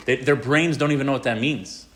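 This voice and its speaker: A rabbi giving an informal, animated talk to teenagers. He tells a story and often asks the audience questions. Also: medium pitch, brisk. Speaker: rabbi teaching teens.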